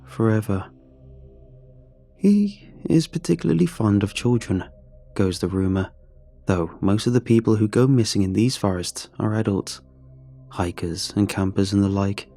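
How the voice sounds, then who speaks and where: A man reading a horror story aloud in a measured, hushed storyteller's manner. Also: fairly low pitch, animated, vocal fry, soft background music. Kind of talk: scripted horror narration.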